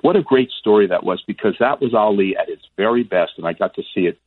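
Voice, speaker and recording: A man in his sixties from Florida, a guest sportscaster telling stories in a phone interview, animated and stammering on restarts. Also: on the low side, fast, a little hiss or hum. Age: 60s. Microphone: telephone. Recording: husky, dry phone line.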